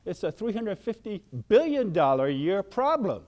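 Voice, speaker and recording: An older man giving a motivational wellness talk, animated and acting out shouted outbursts. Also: sits high, moderate pace. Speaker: wellness speaker.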